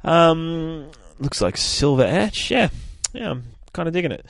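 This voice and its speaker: A man hosting a podcast, casually recapping a comic book in an animated, profane way and laughing at himself. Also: a little high, a little slow, vocal fry, no echo. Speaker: podcast host.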